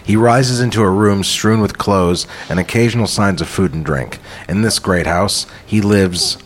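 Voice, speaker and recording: A man hosting a podcast, reading a screenplay aloud with deadpan, profane asides. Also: on the low side, moderate pace, slight background noise. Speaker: podcast host. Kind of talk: script read-through with banter.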